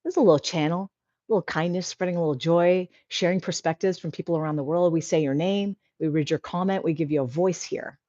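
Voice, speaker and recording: A woman's voice: fairly low pitch, steady tone, fast talker, warm tone, dry recording, dull audio. A woman hosting a casual livestream, chatty and encouraging, reading out viewer comments. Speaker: livestream host.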